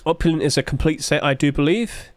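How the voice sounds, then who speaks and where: A man's voice: a little high, fairly quick, no room sound. A man, musing aloud in casual livestream commentary and asking himself rhetorical questions. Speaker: streamer.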